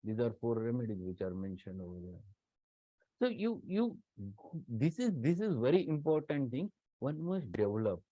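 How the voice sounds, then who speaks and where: A man's voice: mid-range voice, animated, brisk, mellow, no echo. A man with an Indian English accent giving an online lecture as a professor, emphatic and repeating words for stress. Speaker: homoeopathy professor. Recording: dull lo-fi dry sound.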